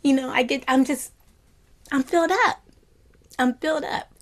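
Speaking at normal speed in a high-pitched voice, a female meditation teacher offers a gentle, reflective dharma talk over a very noisy recording. She slips into soft whispers often and has lively flashes of delight.

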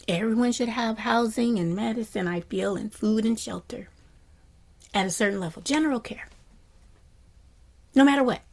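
A woman teaching a meditation class, giving a reflective dharma talk in a gentle voice that often slips into a soft whisper. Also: a little high, brisk, creaky. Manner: animated when voicing happy quotes.

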